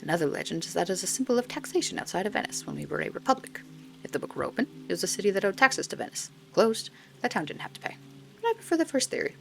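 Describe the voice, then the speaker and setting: A woman's voice: medium pitch, very animated, racing, gravelly, a bit bright. A woman voicing a friendly man who explains local legends. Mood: jovial.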